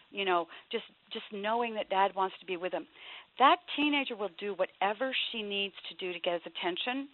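A woman in her fifties, an author giving earnest, emphatic parenting advice as an interview guest. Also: mid-range voice. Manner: emphatic, earnest advice, drops to a soft voice for quoted pleas. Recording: tinny phone line.

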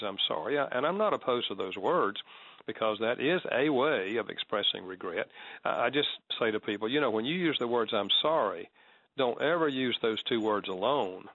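A man speaking as a guest in a conversational interview, measured and explanatory, acting out sample apologies as he teaches. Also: medium pitch, a bit bright, muffled recording.

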